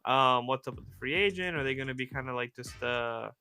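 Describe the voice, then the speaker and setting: A young man co-hosting a casual sports podcast, animated and groaning for comic effect. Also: mid-range voice, brisk, clear, resonant tone, soft background music. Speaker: podcast co-host.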